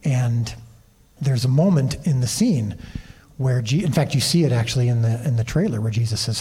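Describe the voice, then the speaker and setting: A man tells animated anecdotes as a guest on a convention stage, often restarting his sentences. His voice is mellow and a little husky. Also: mid-range voice, moderate pace. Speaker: TV series creator and director, interview guest. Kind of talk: storytelling interview on a convention stage.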